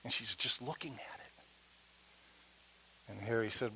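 A man preaching, telling a story in an animated way that drops to a hush at tender moments. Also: medium pitch, measured pace, long pauses, slight background noise, poor audio. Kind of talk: sermon storytelling.

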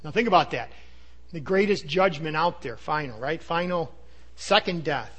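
A man preaching a sermon, earnest and emphatic, sometimes dropping to a low hush. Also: moderate pace. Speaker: pastor.

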